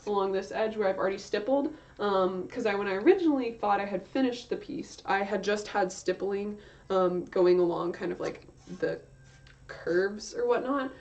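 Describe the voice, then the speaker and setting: Her voice is medium in pitch with a darkish tone, moving at normal speed, as this young woman rambles casually on her drawing livestream, dropping fillers and correcting herself along the way. The stream sound is slightly dull and lo-fi.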